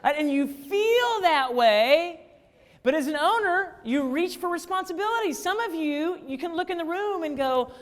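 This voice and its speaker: A man speaking to a live audience of staff, telling a story with animated quoted dialogue. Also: very high voice, moderate pace. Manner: animated, acts out phone calls in quoted voices. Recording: long reverb of a large hall.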